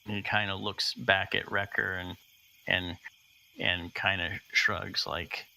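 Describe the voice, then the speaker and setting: A man narrating a tabletop game as game master and explaining the rules, halting with many fillers and restarts. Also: low voice, little pitch movement, gravelly, sharp tone, slight background noise, poor audio.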